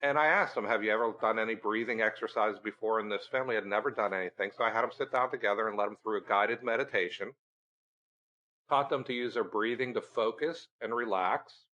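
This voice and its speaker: A middle-aged man and guest on a podcast, telling a story in a lively way and acting out the dialogue. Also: lowish voice, fairly quick, lo-fi sound. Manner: animated storyteller, acting out quoted dialogue with laughs. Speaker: research center director, guest.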